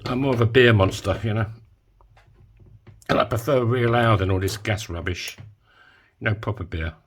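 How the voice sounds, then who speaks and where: A man's voice: fairly low pitch, moderate pace, a little hiss or hum. A man talking casually while making a coin ring in his workshop, full of joking, rambling asides. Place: home workshop.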